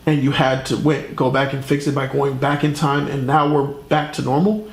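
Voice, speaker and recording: A man voicing a grave adult male Batman in a low, slow, consoling tone. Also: flat delivery, creaky, a little hiss or hum, natural voice. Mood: questioning. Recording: roomy echo.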